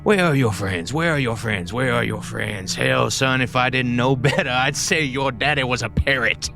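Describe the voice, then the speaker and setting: A man's voice: mid-range voice, moderate pace, vocal fry, over music, close to an everyday voice. A man voicing a folksy, menacing prison boss who drawls and mocks. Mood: mocking.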